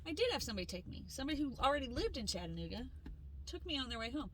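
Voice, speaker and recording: Lively, bright-voiced woman telling a story. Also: high voice, racing, slight background noise, poor audio. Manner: animated, acts out quoted voices, swears freely. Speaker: podcast co-host. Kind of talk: casual storytelling chat.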